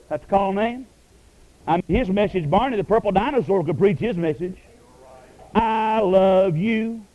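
A man preaching a sermon, swinging from ringing emphasis down to a near hush on key words. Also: very high voice. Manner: rises and falls sharply, dropping to a hush on key words. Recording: dull lo-fi radio broadcast.

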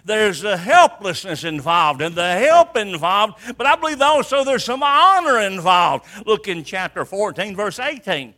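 A man preaching a sermon, swinging from hushed asides to shouted emphasis. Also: high voice, very animated, measured pace, few pauses.

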